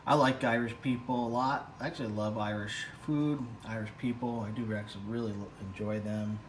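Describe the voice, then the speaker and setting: A man's voice: lowish voice, fairly even intonation, a little fast, noisy background. Playful man in a clattering kitchen. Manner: playful, exclaiming, drops into whispers. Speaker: father vlogger. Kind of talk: casual cooking vlog with ASMR sounds. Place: home kitchen.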